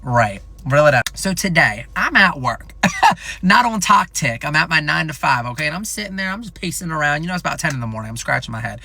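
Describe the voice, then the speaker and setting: A young man in his twenties telling a casual storytime vlog in an animated, profane, rambling way. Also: a little high, quick pace, vocal fry, hardly any pauses. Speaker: content creator.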